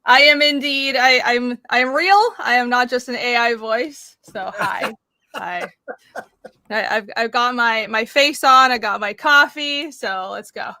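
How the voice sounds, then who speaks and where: A woman being interviewed as a guest comic artist, chatting casually and upbeat in quick bursts over a video call. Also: on the high side, bright, forceful tone, no room sound.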